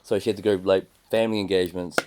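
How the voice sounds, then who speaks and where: A man's voice: deep voice, fairly even intonation, rapid-fire, a little mellow, slight background noise. Rambling New Zealand man, casual podcast. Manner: rambling, swears often, many restarts. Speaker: podcast co-host. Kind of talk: casual chat.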